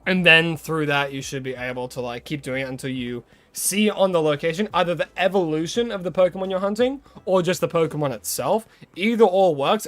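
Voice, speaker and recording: A man with an Australian accent chats loosely through a live game stream, greeting viewers and catching his own slips as he goes. His voice sits somewhat high. Faint game music plays quietly under him. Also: no echo. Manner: chatty, greets viewers, rambles and corrects himself. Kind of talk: casual live-stream chat while playing.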